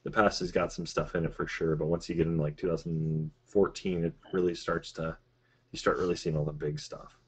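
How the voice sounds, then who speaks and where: Deep-voiced rambling male podcast guest. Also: little pitch movement, fairly quick, slightly rough. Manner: rambling, digressive, conversational. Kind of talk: casual podcast discussion.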